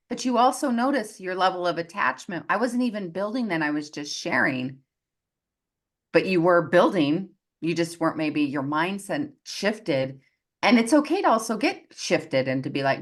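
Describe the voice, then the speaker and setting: Woman coach w a low voice, super animated, keeps acting out little quotes. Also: unhurried. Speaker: success coach. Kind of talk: live group coaching call.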